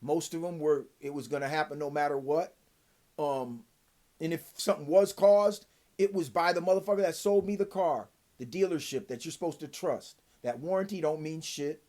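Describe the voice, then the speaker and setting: Talking to the camera in a vlog, a man delivers a heated, profane rant at a moderate pace. He swings between loud outbursts and low mutters, and his throat sounds dry.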